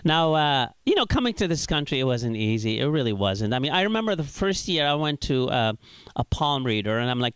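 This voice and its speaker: A middle-aged man from Iraq, performing a stand-up set with deadpan delivery and quick voices for the people he quotes. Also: medium pitch, clean tone, dry recording. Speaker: stand-up comedian. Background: audience laughter.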